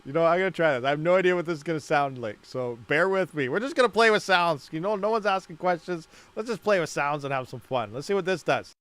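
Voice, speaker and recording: A man's voice: on the high side, a bit bright. A man hosting a livestream, rambling casually, laughing a lot and muttering while he fiddles with settings. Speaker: mining livestream host.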